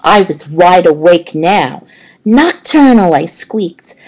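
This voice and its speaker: A woman voicing a curious, cheerful male classroom hamster who tells the story, in a gentle storytelling manner. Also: fairly low pitch, expressive, takes it slowly, rough recording. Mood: earnest.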